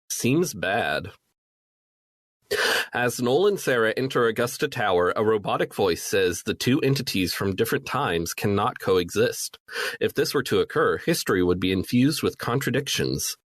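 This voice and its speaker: Man, wry recap voice, very lively pitch, dry close sound. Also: no room sound. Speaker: podcast co-host recapping the story. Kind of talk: casual recap and chat.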